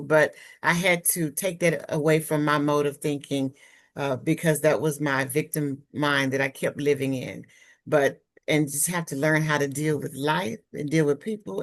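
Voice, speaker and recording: A woman presenting on trauma healing in a webinar, speaking candidly and personally from her own experience over a video call. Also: deep voice.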